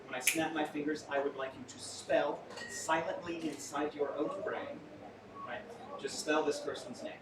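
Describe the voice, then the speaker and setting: A man's voice: a little high, fairly even intonation, moderate pace. A man performing stage mentalism live for a small audience, with theatrical, playful patter and joking asides to the crowd. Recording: echoey room, far from mic, audience noise.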